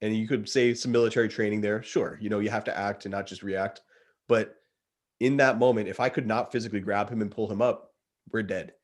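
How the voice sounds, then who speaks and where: A man in his thirties with a fairly low voice tells a story to a friend in casual chat. He is earnest and animated, and drops "dude" into his sentences. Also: a little fast. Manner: earnest, animated retelling, says dude a lot. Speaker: guest.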